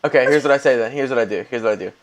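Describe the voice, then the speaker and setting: A man's voice: medium pitch, racing. A man co-hosting a casual podcast, joking playfully and hamming it up. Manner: playful, jokey, slips into silly voices. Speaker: podcast co-host. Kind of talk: casual chat.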